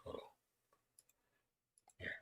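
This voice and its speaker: A man's voice: slow pace, no echo. A man hosting a live stream, chatting loosely and greeting viewers as they join. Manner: relaxed, rambling, greets chat viewers by name. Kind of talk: casual live stream chat.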